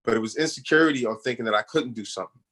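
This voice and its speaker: A man with a mid-range voice talks very fast as a guest on a radio show, giving a casual storytelling interview. He's an animated, slangy storyteller who acts out other people's voices in quotes and keeps repeating "you know what I'm saying."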